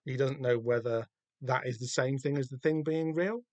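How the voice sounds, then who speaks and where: A man with a Southern English accent hosting a podcast, chatting casually and excitedly about a comic, swearing freely and rambling with lots of fillers. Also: medium pitch, moderate pace, no room sound. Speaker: podcast host. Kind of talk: casual comic book discussion.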